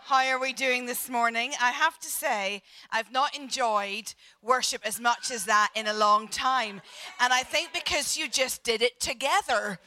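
A woman with an Irish accent preaching to a church congregation in a lively, joking, direct way. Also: on the high side, measured pace. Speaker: visiting prophet preacher. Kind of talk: sermon. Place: church hall.

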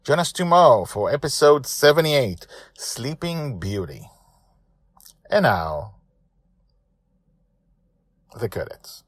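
A man's voice: medium pitch, sing-song, takes it slowly, pauses often, slightly rough, no room sound. A man who writes and reads his own storybook podcast, talking with eager, rambling enthusiasm. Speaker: podcast author and reader. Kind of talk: storybook narration.

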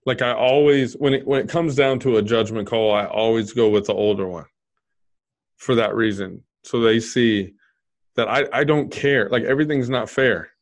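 Man, thirties, podcast host, casual chat, blunt, curses a lot, animated storytelling. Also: mid-range voice, normal speed. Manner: blunt, swears freely, animated when retelling scolding.

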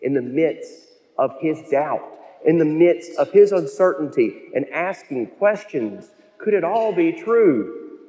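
A man's voice: fairly high pitch, animated, dark tone. Storytelling male pastor in a reverberant church. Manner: storytelling, with slow emphatic phrases. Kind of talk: sermon. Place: church sanctuary.

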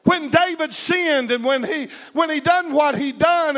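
A man with a strikingly high voice preaches a fiery sermon, swinging between soaring shouts and low confiding asides. He calls out to the congregation for responses. His voice rings through the long reverb of a large church. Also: measured pace, few pauses. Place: church sanctuary.

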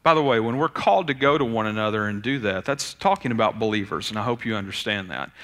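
A man, preaching a sermon in an animated, conversational way. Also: on the low side, quick pace. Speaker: pastor.

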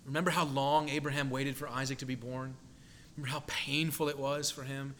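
A man's voice: medium pitch, little pitch movement, fairly quick, a bit bright, slight background noise. A man preaching a sermon in an earnest, emphatic way, building dramatic tension when he quotes scripture.

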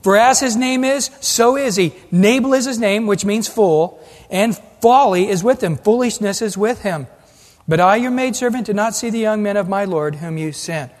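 A man preaching a sermon as pastor, animated and acting out the voices he quotes. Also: high-pitched, moderate pace. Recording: long hall reverb.

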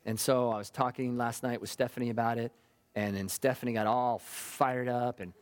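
A man's voice: mid-range voice, fairly even intonation, moderate pace, faint music behind. Fervent preaching man. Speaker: pastor. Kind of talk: sermon.

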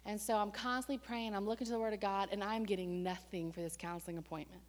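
A woman preaching a sermon and telling a personal story in a lively, conversational way, with sudden surges in pitch and loudness. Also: fast. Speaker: church staff member and preacher. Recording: long hall reverb.

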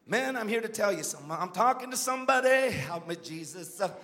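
A man's voice: high-pitched, expressive, brisk, sharp tone, long reverb tail. A man preaching a sermon as a guest speaker, emphatic and calling out to the congregation.

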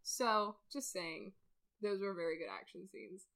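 A young woman co-hosting a podcast in casual chat, animated and swearing freely as she acts out scenes. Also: mid-range voice, a little slow. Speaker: podcast co-host.

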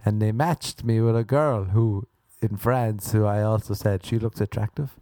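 Male comic, animated delivery with acted-out voices, dry mic. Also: on the low side, moderate pace, dry recording. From Ireland. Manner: animated, acts out voices, laughs at own jokes. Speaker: stand-up comedian. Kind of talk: stand-up comedy routine.

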